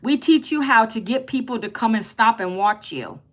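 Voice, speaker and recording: A woman's voice: fairly high pitch, lively intonation, normal speed. A woman in her fifties hosting a live stream, chatting casually with her viewers and reading out their comments. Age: 50s.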